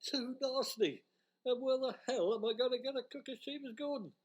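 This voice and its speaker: A British man playing a pompous, touchy middle-aged hotel owner in a comic radio sketch. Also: very high voice. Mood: outraged. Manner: indignant, huffy, quick to take offence.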